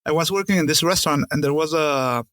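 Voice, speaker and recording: A man's voice: a little high, quick pace, a bit bright, dry recording. A man co-hosting a podcast, telling a kitchen story in casual chat, swearing freely and sometimes hunting for the right word. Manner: swears freely, searches for words mid-sentence. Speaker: podcast co-host.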